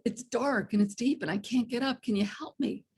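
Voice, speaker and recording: A woman acting out a desperate man stuck deep in a hole, pleading for help with a raised voice. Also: moderate pace, a little mellow, husky, heavily acted. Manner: pleading, then shrill disbelief.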